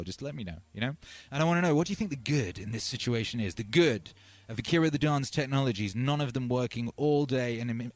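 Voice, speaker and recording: A man's voice: medium pitch, no echo. A man hosting a live music stream, rambling in casual chat and calling out to viewers as brothers and sisters.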